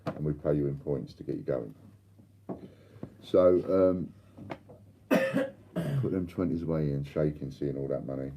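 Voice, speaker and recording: A man's voice: rumbling low, very animated, a little slow, vocal fry, pauses often, warm tone, a little hiss or hum. An older man hosting a live stream, chatting and bantering with viewers and reading out their comments. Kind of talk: casual chat to live viewers.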